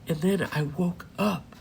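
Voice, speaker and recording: A man's voice: sits high, vocal fry, fairly bright tone, a little hiss or hum. A middle-aged man casually recounting a dream, profane and rambling, with lots of fillers. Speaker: dream storyteller.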